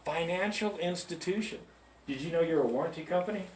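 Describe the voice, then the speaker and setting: Speaking quickly in a fairly high voice, a man gives new staff at a large music store a storytelling pep talk, chatting through stories and checking in with his listeners. The recording, made from a distance in the echoey store, has a little hiss or hum.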